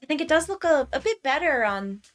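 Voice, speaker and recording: A teasing young woman who needles with mock sweetness, as a woman game master voices her. Her voice is light and a bit high, and it drops softer at the ends of her barbs. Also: sing-song, a little fast, faint music behind. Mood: sly. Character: sly, sarcastic young woman.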